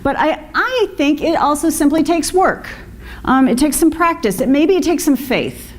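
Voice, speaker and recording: A woman's voice: sits high, animated, moderate pace. A woman minister giving a conversational sermon, with fillers and asides to the congregation. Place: congregation hall.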